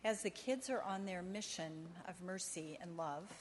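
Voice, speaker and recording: A woman leading worship in church, calmly announcing the next hymn. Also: lowish voice, moderate pace, slight background noise. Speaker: worship leader. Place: church sanctuary.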